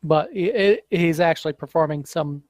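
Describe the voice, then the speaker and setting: A man playing a tabletop game, reasoning through his character's options out loud. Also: on the high side, moderate pace, no room sound, rough recording. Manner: thinking aloud, analytical. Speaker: player.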